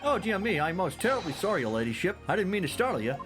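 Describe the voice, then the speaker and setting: A man's voice: sits high, very animated, quick pace, over music, pitched above the performer's own voice. A man voicing a fawning, flustered middle-aged police inspector who gushes his words.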